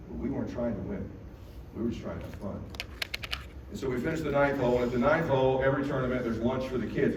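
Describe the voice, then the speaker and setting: A middle-aged man giving a motivational keynote on stage, telling a story in an animated, profane way and acting out the dialogue. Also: mid-range voice. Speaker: keynote speaker. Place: large event hall on stage. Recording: echoey hall from far off with noise.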